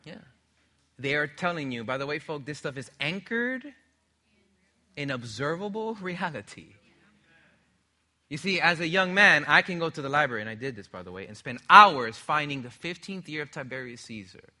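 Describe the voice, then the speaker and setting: A man's voice: medium pitch, bright, forceful tone. A middle-aged man preaching a sermon, emphatic, throwing rhetorical questions to his congregation.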